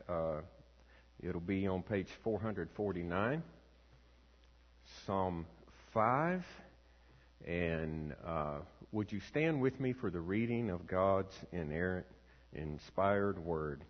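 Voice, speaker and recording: A man, a pastor, reading scripture aloud and leading prayer in a slow, measured, solemn way. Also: low-pitched, animated. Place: church sanctuary. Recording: long reverb, dull lo-fi sound.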